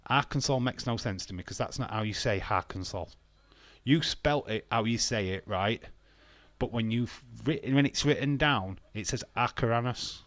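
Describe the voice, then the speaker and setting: British streamer, slow and bantering. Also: male voice, mid-range voice, fairly bright tone, dry recording. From Britain. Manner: laughs often, argues playfully over spelling, swears. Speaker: watch-along streamer reading chat. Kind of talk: casual live-stream chat.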